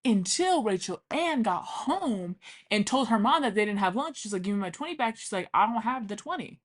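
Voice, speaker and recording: A woman's voice: medium pitch, lively intonation, moderate pace. Chatty young woman telling stories. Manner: chatty, swears freely, acts out quotes. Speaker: vlogger. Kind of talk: casual storytelling.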